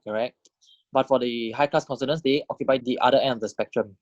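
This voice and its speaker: A man's voice: mid-range voice, quick pace, no echo, highs cut off. A man teaching a recorded language lecture, walking through a table step by step and often checking understanding with "right?".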